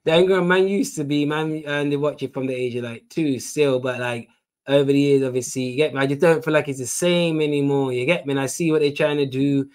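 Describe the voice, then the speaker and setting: Slangy British podcast host. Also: male voice, on the high side, brisk, clean tone. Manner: excited, slangy, keeps checking in with "you get me". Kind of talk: casual podcast chat.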